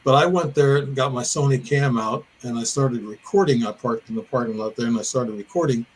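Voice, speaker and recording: Recounting a personal encounter for a podcast, an older Midwestern man from Illinois rambles through a detailed tale and keeps correcting himself. His voice sits at medium pitch and moves briskly, and the poor audio has a faint hiss or hum.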